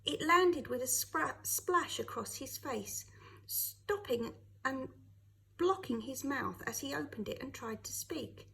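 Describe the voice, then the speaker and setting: A woman, a teacher, reading a children's novel aloud with expressive storytelling. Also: sits high, vocal fry, rough recording.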